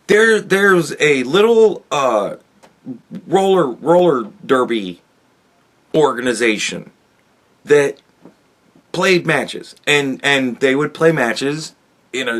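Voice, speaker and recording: With a fairly high, fairly bright voice and lively intonation, a male podcast host delivers a solo rant full of anger, sarcasm and swearing. He talks slowly and leaves long pauses.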